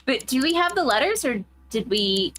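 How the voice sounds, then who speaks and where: A woman casually talking through a story game with a friend, chatty and playful as she wonders aloud about what to do. Her pitch is lively and animated. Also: normal speed. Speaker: co-player. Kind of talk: casual let's play chat.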